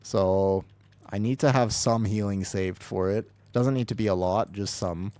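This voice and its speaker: A man streaming an online game as a healer, rambling excitably through casual commentary, swearing freely and laughing often. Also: lowish voice, unhurried, dry recording. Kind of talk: casual live gameplay commentary.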